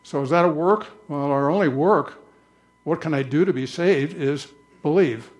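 A man preaching a conversational church sermon, slowing down to read scripture aloud. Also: on the high side, darkish tone, highs cut off. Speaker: pastor.

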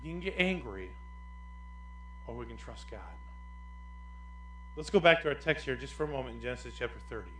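Animated preaching pastor, man, in echoey church. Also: mid-range voice, brisk, long pauses, a little hiss or hum. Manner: animated, swings between loud emphasis and quiet asides. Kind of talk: sermon.

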